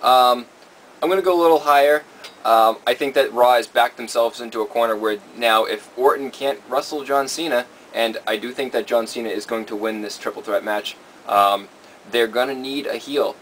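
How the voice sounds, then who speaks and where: A man co-hosting a casual talk show, running a segment and calmly explaining his picks. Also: medium pitch, normal speed, a little hiss or hum.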